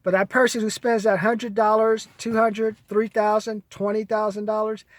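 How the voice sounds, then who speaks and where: A man's voice: sits high, flat delivery, normal speed, no echo. A man giving blunt, profane money advice in a casual monologue to camera.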